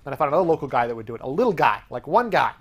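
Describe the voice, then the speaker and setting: A man hosting his own show, telling a casual anecdote in an animated, self-amused way and acting out the back-and-forth of a conversation. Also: mid-range voice, very fast, breathy edge. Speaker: podcast host.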